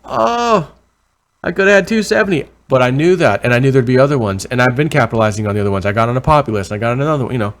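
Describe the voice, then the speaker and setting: A man vlogging casual commentary over price charts, rambling and correcting himself, with excited bursts over numbers. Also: medium pitch, racing, few pauses. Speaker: crypto vlogger.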